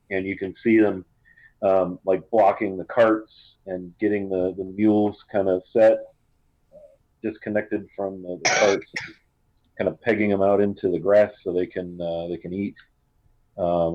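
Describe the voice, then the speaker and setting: A man's voice: fairly low pitch, no room sound. A man running a tabletop game as game master, describing the scene loosely with lots of fillers. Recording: dull lo-fi sound.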